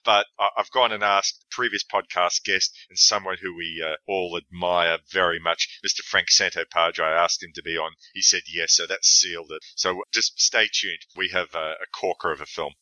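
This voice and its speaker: Deep-voiced man hosting a podcast. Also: normal speed, hardly any pauses, no echo, highs cut off. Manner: relaxed, rambling, with stumbles and restarts. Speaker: podcast host. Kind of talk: casual chat.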